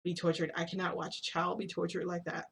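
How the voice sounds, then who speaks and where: A woman's voice: on the low side, level tone, fairly quick, vocal fry, slightly rough. A woman voicing a distraught young man who pleads insistently and repeats himself. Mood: pleading.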